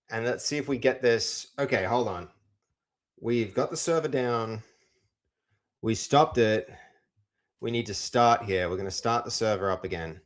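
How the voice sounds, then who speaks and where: A young man live-streaming, chatting casually to his viewers while working on code, rambling with many restarts. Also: medium pitch. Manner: rambling, talks to chat, lots of restarts.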